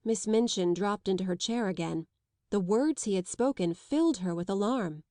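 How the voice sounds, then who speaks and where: A woman's voice: mid-range voice, no echo, studio quality. Woman narrating a classic audiobook. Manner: measured, even storytelling. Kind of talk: scripted narration.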